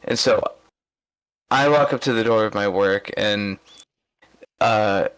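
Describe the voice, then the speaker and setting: A man's voice: lowish voice, slow pace, a bit bright, clear, resonant tone, rough recording. A man co-hosting a podcast, telling casual stories with lots of restarts and fillers. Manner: rambling anecdotal storytelling with many restarts. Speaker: podcast co-host. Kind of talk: casual chat.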